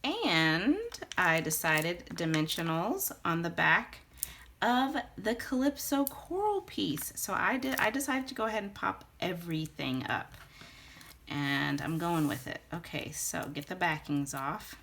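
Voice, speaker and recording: A woman's voice: fairly low pitch, expressive, unhurried, gravelly, a bit bright, slight background noise. A young woman chatting her way through a card-making tutorial, gushing about papers and colors and thinking aloud as she works at her craft table.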